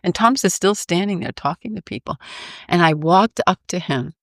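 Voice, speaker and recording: A woman's voice: fairly low pitch, normal speed, no echo, clean studio sound. A woman guest on a podcast, a vocal artist, telling a story animatedly and laughing often between sentences. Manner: lively, laughs often mid-sentence, acts out her own reactions. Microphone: podcast microphone.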